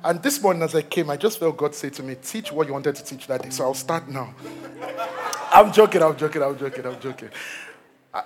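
A Nigerian man in his thirties preaching a sermon, telling a lively story, repeating words and acting out what people said. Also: fairly high pitch. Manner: animated storytelling, repeats words, acts out quotes. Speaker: pastor.

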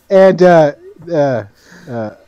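A man running a tabletop game, his voice rising and falling with animated energy as he narrates. The recording is dry and somewhat dull. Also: fairly high pitch, clear, resonant tone, no room sound. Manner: lively, many fillers and character voices. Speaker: game master.

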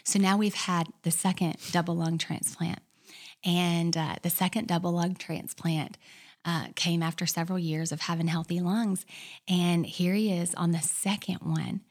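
An earnest woman recounting a dramatic family story as a guest on a talk show. Her voice sits a touch low for a woman. She shifts between hushed, whispered moments and fervent, rising declarations. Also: flat delivery, normal speed. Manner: earnest storyteller, drops to a whisper for quoted prayers and builds to fervent. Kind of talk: personal testimony in casual talk.

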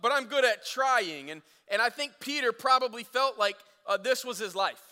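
A man preaching a sermon, telling a story casually and acting out the quotes, swinging from loud to hushed. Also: extremely high pitch, animated, normal speed, smooth, in a large hall. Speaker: pastor.

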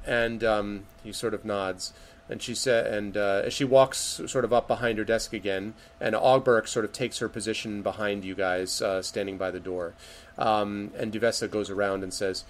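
Low-voiced man running a tabletop game. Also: fairly even intonation, normal speed, hardly any pauses, a little hiss or hum. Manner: loose narration with many fillers, quoting characters. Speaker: game master.

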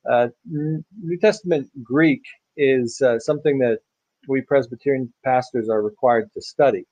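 Male pastor, dark mellow tone, chatty sermon, dull dry recording. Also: mid-range voice, dry recording. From United States. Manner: conversational, many fillers and restarts. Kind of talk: sermon-style Bible teaching.

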